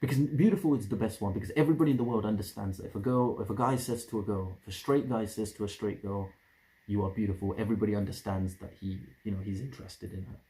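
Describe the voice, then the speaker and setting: A man's voice: fairly low pitch, fast, mellow, poor audio. A young man giving casual dating advice in a rambling way, often restarting and repeating his phrases.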